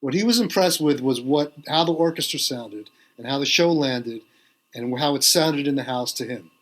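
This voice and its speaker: A middle-aged man, a drummer being interviewed on a podcast, telling a long anecdote with lively quoted voices. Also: mid-range voice, moderate pace. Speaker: guest drummer.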